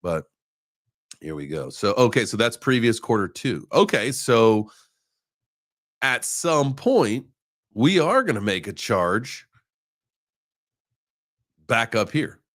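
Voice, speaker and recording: This crypto livestream host has a medium-pitched, somewhat bright voice with a sing-song lilt, speaking slowly and pausing often. It's casual live market chat: he jokes sarcastically, greets viewers in chat by name, and wanders through chart readings full of filler words.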